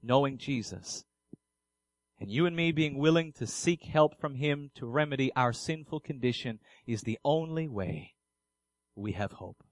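A man's voice: medium pitch, expressive, a little slow, no echo, rough recording. A man preaching a sermon earnestly, posing questions and answering them himself.

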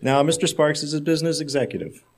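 A male preacher delivering a sermon, telling a story in measured, emphatic phrases. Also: fairly high pitch.

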